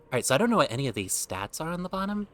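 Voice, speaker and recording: A man's voice: a little high, very animated, rapid-fire, a bit bright, a little hiss or hum. A young man streaming a game, chatty and self-mocking, with casual commentary.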